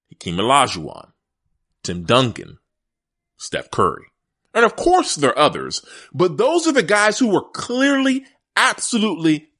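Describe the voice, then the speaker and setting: Animated man on a sports podcast. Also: fairly high pitch. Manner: animated, emphatic, laughs often, talks straight to listeners. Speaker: podcast host. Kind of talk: casual sports commentary podcast.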